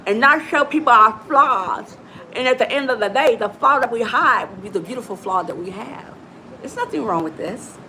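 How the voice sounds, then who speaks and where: A woman's voice: high-pitched, sharp tone, a little hiss or hum, rough recording. Emphatic middle-aged woman motivational coach. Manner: emphatic and preachy, calls listeners "baby". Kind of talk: live motivational talk.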